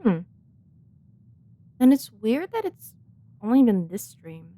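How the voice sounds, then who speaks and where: A woman's voice: on the high side, sing-song, takes it slowly, dark tone. A woman streamer giving playful, giggly commentary while she plays a game and talks back to the characters. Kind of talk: casual gameplay commentary. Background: faint game music.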